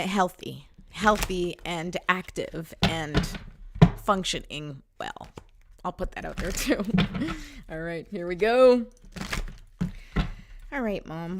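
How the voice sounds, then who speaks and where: A woman's voice: fairly low pitch, background noise. A woman in her forties giving a spiritual oracle card reading on a live stream, earnest and chatty with many fillers. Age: 40s.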